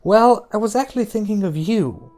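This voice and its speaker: A man's voice: high-pitched, expressive, normal speed, dark tone, soft background music, pitched above the performer's own voice. A man voicing a tense young male heroin addict who talks bluntly and threateningly. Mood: menacing.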